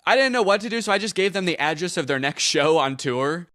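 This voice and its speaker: A man's voice: high-pitched, expressive, fast, a bit bright, faint music behind. A young man narrating a comedy story in voice-over, wry and storytelling. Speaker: comedy YouTuber.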